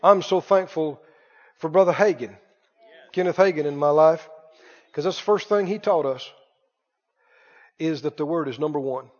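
A man preaching a sermon as pastor, emphatic and repetitive, swinging between loud bursts and quiet asides. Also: a little high, normal speed, pauses often. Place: church sanctuary. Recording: muffled church recording with long reverb.

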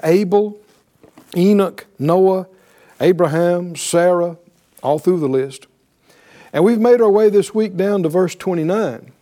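A man's voice: high voice, unhurried, long pauses. A man preaching a sermon, often asking "right?" and acting out voices of believers speaking faith. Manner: animated, calls for responses with "right?".

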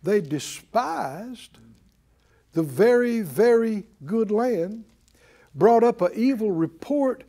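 A male preacher with a high, mellow voice that swings widely in pitch. He preaches emphatically, pleading with listeners and repeating phrases to drive them home. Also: expressive, slow pace. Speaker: pastor. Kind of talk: sermon.

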